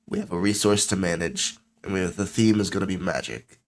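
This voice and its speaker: A young man streaming late at night, rambling and joking with himself in a tired, low voice that keeps getting sidetracked. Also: a little fast. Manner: rambling, self-mocking, easily sidetracked. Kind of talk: casual solo stream chat.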